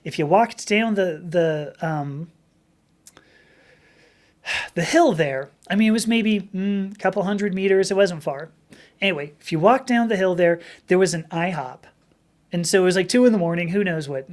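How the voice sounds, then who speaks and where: A middle-aged woman hosting a live stream, chatting casually with viewers and telling rambling stories. Her voice is a little rough from talking for hours. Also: on the low side. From Southern California. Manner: rambling, chatty storytelling with many restarts. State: slightly rough voice from long talking.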